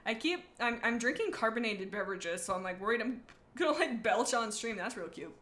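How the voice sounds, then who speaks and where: A woman streamer reading fanfiction aloud on a casual livestream, giggling and rambling through animated asides. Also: fairly high pitch, a little fast.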